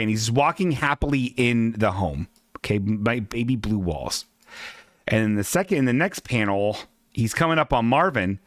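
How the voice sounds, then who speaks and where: A man hosting a casual livestream podcast, reading a comic strip aloud with halting restarts and swearing asides. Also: mid-range voice, a bit bright, dry recording, clean studio sound. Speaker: podcast host.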